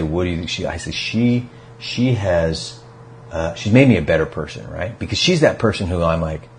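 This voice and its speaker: A man as a podcast guest, talking casually about recovery and acting out quotes in animated stories. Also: deep voice.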